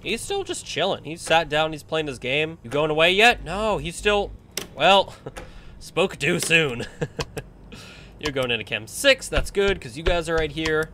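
A young man with a bright, forceful voice talks his way through a horror game, chattering at the characters on screen and yelling when things go his way. His voice sits a little high for a man, and a faint hiss of noise runs under it. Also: lively intonation, measured pace. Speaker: gameplay commentator. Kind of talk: casual let's-play commentary.

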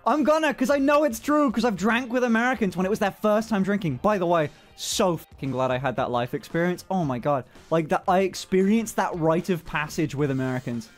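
A man's voice: sits high, a little fast, few pauses, soft background music. A man streaming live, chatting casually and rambling with heavy swearing. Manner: swears constantly, rambling and animated. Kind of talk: casual livestream chat.

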